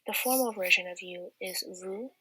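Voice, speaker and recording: A teenage girl talks through a beginner language lesson, explaining each point patiently and step by step. Her voice is bright and a little husky. It is recorded close and dry, with no room sound. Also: mid-range voice, moderate pace, dry recording, low-quality recording. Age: teens. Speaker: student tutor. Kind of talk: slide-based language lesson.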